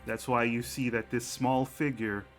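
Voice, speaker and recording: A man narrating a tabletop game as game master, in a slow, unhurried way. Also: medium pitch, level tone, faint music behind.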